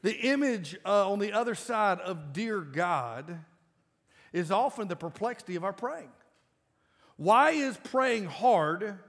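A man in his forties preaching a sermon to a congregation in a casual, emphatic way that breaks into loud bursts. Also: high voice, expressive, measured pace. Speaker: pastor. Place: large church auditorium. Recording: live church sound with long reverb.

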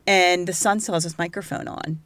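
A woman co-hosting a casual true-crime podcast, telling the story in an animated way, swearing freely and acting out what people said. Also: on the low side, a little fast, no echo.

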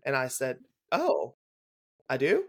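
A young man at a middle pitch recounts a hospital shift in close detail. He talks in a brisk, casual storyteller's way and acts out each line of dialogue. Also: huge pitch swings, creaky. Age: young adult. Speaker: guest, legal nurse consultant. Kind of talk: casual storytelling in a podcast interview.

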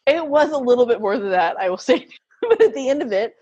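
A woman's voice: a little high, expressive, brisk, warm tone, breathy edge, dull audio. A woman telling stories in a casual interview, laughing often as she talks. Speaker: guest.

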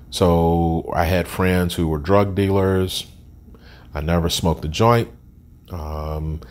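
A man's voice: low-pitched, darkish tone. A man in his sixties telling his life story as an interview guest, candid and plain-spoken with frequent ums and restarts. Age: 60s.

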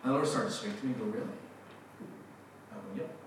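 A male pastor giving a sermon, telling stories with lively acted-out quotes and laughter. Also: mid-range voice, quick pace, slight background noise. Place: large church hall. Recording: echoey church hall from a distance.

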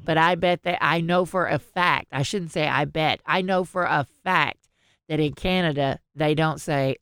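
A woman's voice: sits low, normal speed, a bit bright, clean tone, dry recording, clean studio sound. A woman co-hosting a podcast, telling rambling stories, laughing often and swearing freely. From American South. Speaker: podcast co-host. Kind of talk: casual chat.

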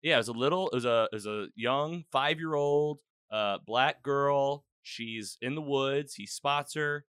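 Male host, casual recap chat; bright, crisp tone, dry studio sound. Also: medium pitch, unhurried, hardly any pauses, no echo. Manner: rambling, animated retelling with quoted lines. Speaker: podcast host.

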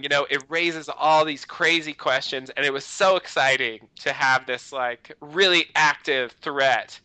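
A man's voice: a little high, measured pace, hardly any pauses, pushed and bright, dry recording, poor audio. A man co-hosting a podcast in casual chat, rambling and peppering his talk with "you know" and restarts. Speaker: podcast host.

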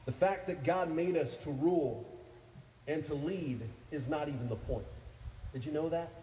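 A man in his thirties preaching a sermon as pastor, calling out to the congregation and building to loud, fervent peaks. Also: fairly high pitch, normal speed, slight background noise. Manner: energetic preaching, calls for responses, rises to loud peaks. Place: church sanctuary. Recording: echoey hall, faint ambience.

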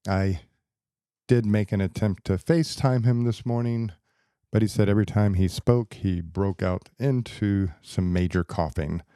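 A man hosting a podcast alone as a psychologist, explaining ideas step by step in a steady, lecturing way. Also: fairly low pitch, unhurried, clean tone, no echo, studio quality. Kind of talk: casual solo podcast talk. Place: podcast studio.

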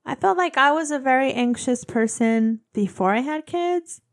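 A woman in her thirties co-hosting a casual podcast chat, an animated storyteller who acts out quotes. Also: sits high, normal speed. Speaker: podcast co-host.

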